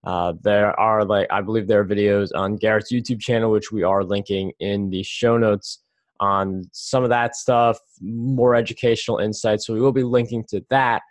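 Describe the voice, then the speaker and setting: A male podcast host with a lowish voice muses aloud in a relaxed, meandering way, leaning on filler words as he thinks. The sound is dry and close, with no room echo. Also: moderate pace. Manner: loose and reflective, many "like" fillers. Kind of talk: casual podcast conversation.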